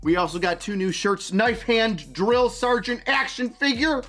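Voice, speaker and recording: A male reaction host speaks in a high, bright voice, joking and sarcastic. Faint music plays underneath his casual commentary. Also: lively intonation. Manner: joking, sarcastic, quick channel plugs.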